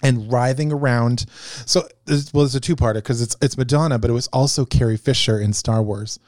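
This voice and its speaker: A man's voice: mid-range voice, fairly quick, darkish tone, no echo, clean studio sound. A man as a guest in a casual chat, telling earnest, self-deprecating stories. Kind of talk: casual storytelling.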